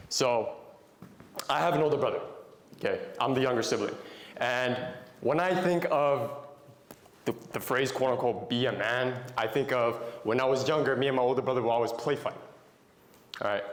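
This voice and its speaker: A young adult man giving a Christian talk to young men, telling stories in a conversational way and putting questions to the audience. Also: medium pitch. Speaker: motivational Christian speaker. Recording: echoey room.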